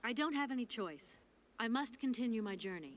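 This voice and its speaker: Woman voicing Kate Walker, calm lawyer. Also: on the high side, fairly quick, a little hiss or hum, natural voice. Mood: patient. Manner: patient, explaining. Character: composed female American lawyer, traveling. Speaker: game character. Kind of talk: video game dialogue.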